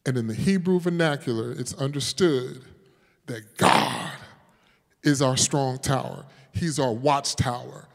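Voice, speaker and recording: A man pastor preaching a sermon, swinging from loud, forceful declarations to hushed, prayerful murmurs, and joking and laughing with his congregation. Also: mid-range voice, unhurried, gravelly, long reverb tail. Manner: calls on the congregation, jokes and laughs with them.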